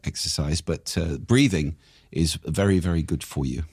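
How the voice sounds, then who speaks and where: An older man with a croaky voice, coaching on speaking in a casual, animated conversation. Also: moderate pace, no echo, studio quality. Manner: animated, swoops up and down in pitch.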